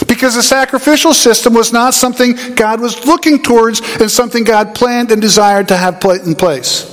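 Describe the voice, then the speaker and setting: A man preaching a sermon as pastor, emphatic, with rising questions and quieter low asides. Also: moderate pace, few pauses, big-room sound.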